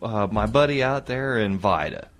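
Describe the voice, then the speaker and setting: Animated, laughing Midwest radio host man. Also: lowish voice, moderate pace, crowd noise. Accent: American Midwest. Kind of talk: casual radio chat. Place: radio station studio.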